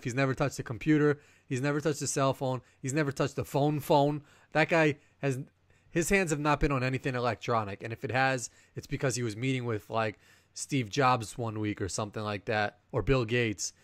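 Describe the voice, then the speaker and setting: A man co-hosting a sports podcast in casual chat, rambling and animated, laughing often. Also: medium pitch, a little fast, no echo, studio quality. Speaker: podcast co-host.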